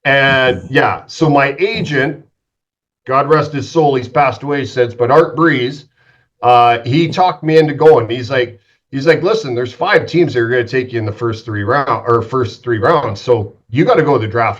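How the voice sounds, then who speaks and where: A former pro goalie from western Canada spins animated, profane stories, acting out everyone he quotes. His voice sits in an average male range. The recording is a little dull and lo-fi. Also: mid-range voice, moderate pace. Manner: animated, swearing, acts out quotes. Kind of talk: casual storytelling interview. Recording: slightly dull lo-fi sound.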